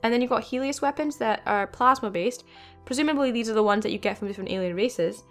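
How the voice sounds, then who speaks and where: A young woman hosting a gaming channel, talking in an excited, rambling way with many fillers. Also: fairly high pitch, fast talker, soft background music. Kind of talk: casual video game commentary.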